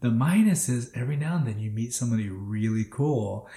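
Chatty male guest with middle pitch telling rideshare stories, recorded in a roomy space. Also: brisk. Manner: animated, laughing, leans on "like". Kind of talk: casual storytelling chat. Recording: roomy echo.

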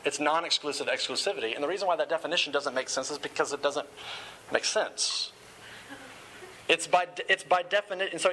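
Bright-voiced man preaching, repeating starts. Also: fairly high pitch, a little hiss or hum, rough recording. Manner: repeats words when starting phrases. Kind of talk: sermon.

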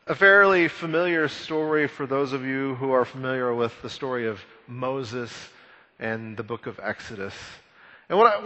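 A man gives a conversational sermon, retelling an old story with animated emphasis and often repeating his words. His voice sits fairly high and sounds bright and forceful. A long reverb trails behind him, as in a large hall. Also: muffled recording. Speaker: pastor.

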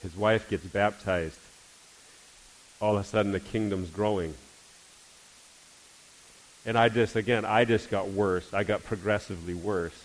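Low-voiced man. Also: fairly even intonation, unhurried, pauses often, slight background noise, low-quality recording. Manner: storytelling, acting out dialogue. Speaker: church speaker giving a testimony. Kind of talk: testimony sermon.

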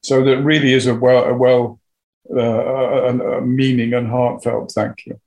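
A man's voice: mid-range voice, little pitch movement, a little slow, a little mellow, low-quality recording. An older man, an actor, talking as an interview guest in a hesitant, self-deprecating way with small chuckles. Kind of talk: interview conversation.

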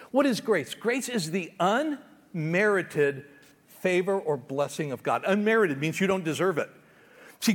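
A man's voice: sits high, slightly rough, big-room sound. A man preaching a sermon as pastor, emphatic and conversational, often restarting his words.

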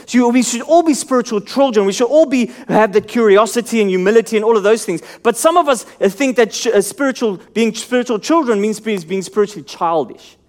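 High-voiced earnest male preacher. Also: brisk, few pauses. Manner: earnest, rhetorical questions, drops low and soft for emphasis. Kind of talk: sermon.

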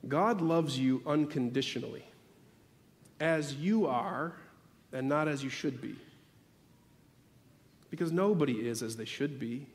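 A man delivers a sermon from the pulpit, his voice sitting high for a man. He talks animatedly, building to emphatic peaks and then dropping back to a conversational aside. The sound rings with the long reverb of a big church sanctuary. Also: unhurried, long pauses. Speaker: pastor. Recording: long reverb of a large hall.

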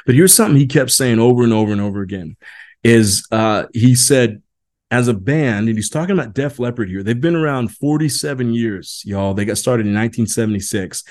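A man's voice: medium pitch, expressive, fairly quick, darkish tone. A man in his forties from Indiana, hosting a leadership podcast in a rambling, folksy monologue full of restarts. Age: 40s. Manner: rambling, many restarts and fillers, folksy "y'all". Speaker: podcast host. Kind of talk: casual monologue.

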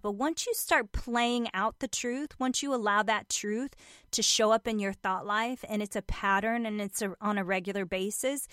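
A woman's voice: a little high, a bit bright, no room sound, clean studio sound. A woman giving a motivational self-help talk, speaking emphatically, repeating her points and addressing the listener directly as a friend.

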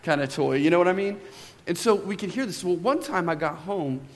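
A high-pitched man in his thirties preaches to his congregation. His voice rings with a long reverb through a church sanctuary. He reads scripture with dramatic, drawn-out emphasis and swells, and he tells stories in a loose, chatty way with asides to the listeners. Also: slight background noise. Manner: relaxed storytelling with asides to the congregation. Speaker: pastor. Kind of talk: sermon.

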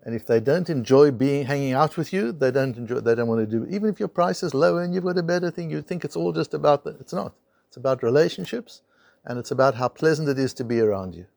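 Male Torah teacher: gravelly voice, close and dry sound, animated storytelling, Hebrew and Aramaic terms mixed in. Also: medium pitch, fast, no room sound. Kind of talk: Talmud class lecture.

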